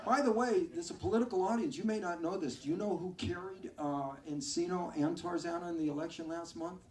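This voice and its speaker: A male stand-up comedian telling self-mocking, deadpan one-liners on a club stage. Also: high voice, a little fast. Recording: echoey club, far from mic, crowd.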